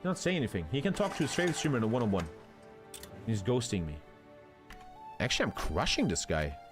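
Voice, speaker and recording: Young male streamer, crude mock-aggressive chat banter, voice swinging wildly from low mutters to high yelps, faint game music behind. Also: sing-song, fast. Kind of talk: live game stream commentary.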